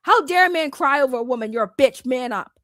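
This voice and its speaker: A young woman delivers a fired-up commentary rant, blunt and full of slang and cursing. Her voice sits high. The sound is dry and close, with no room around it. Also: lively intonation, fast talker, fairly bright tone, dry recording. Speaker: commentary YouTuber.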